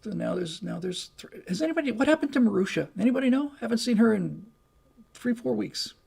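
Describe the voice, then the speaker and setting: A man's voice: high voice, animated, fairly quick, gravelly, darkish tone, husky. An older man hosting a live stream, chatting casually and reading comments in a rambling, folksy way. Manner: rambling, folksy, restarts and asides.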